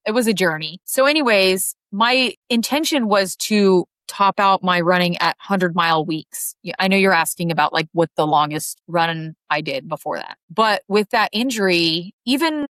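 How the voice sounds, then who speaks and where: A woman's voice: fairly low pitch, normal speed, few pauses, fairly bright tone, no echo. A woman ultrarunner chatting casually as an interview guest, her speech full of "like" fillers. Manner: chatty, heavy use of "like" fillers.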